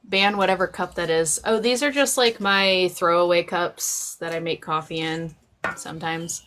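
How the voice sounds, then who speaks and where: A woman's voice: fairly low pitch, moderate pace, a bit bright. A woman hosting a casual live stream chat, rambling with many fillers and restarts.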